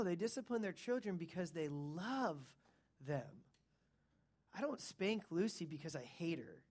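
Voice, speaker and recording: A male pastor in his thirties gives an animated sermon. He talks to the congregation in a plain, casual way and climbs to loud, emphatic high points.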